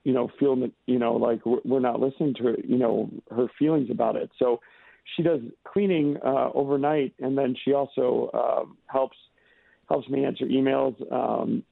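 A man, a chef and restaurant co-owner, speaking as a radio guest in a halting way with many fillers and restarts, heard over a phone line. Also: medium pitch, fairly even intonation, gravelly, no echo.

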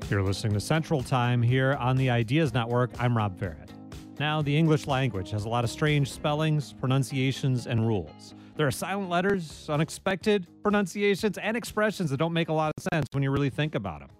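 A man's voice: medium pitch, no room sound. A man hosting a public radio call-in show, talking in a friendly, conversational way and chuckling now and then. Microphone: studio microphone.

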